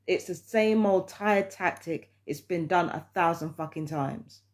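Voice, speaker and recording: A woman's voice: on the low side, a little slow. A woman, ranting heatedly and with lots of swearing in a casual vlog monologue. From London, England. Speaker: vlogger.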